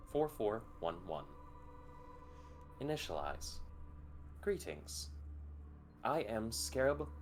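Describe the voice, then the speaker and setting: A man voicing a mechanical alien scarab that speaks in clipped, robotic announcements inside someone's head. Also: mid-range voice.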